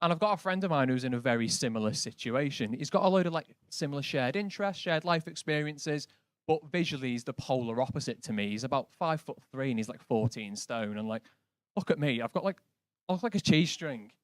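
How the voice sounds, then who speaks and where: A man's voice: medium pitch, expressive, fairly quick, clear, resonant tone, dry recording. A man doing a stand-up set on a comedy club stage, dry and conversational, full of casual asides. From Britain. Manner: dry, conversational, lots of likes.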